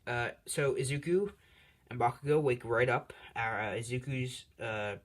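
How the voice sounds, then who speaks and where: A man's voice: mid-range voice, a little slow. A man hosting his channel, improvising a fan story in a rambling, self-deprecating way with lots of fillers.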